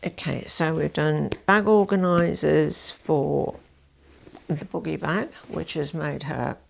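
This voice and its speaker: A low, gravelly woman chats to her viewers in a relaxed vlog. She talks in a chatty, self-deprecating way, full of little asides and restarts. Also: takes it slowly. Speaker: fashion vlogger. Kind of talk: casual chat to camera.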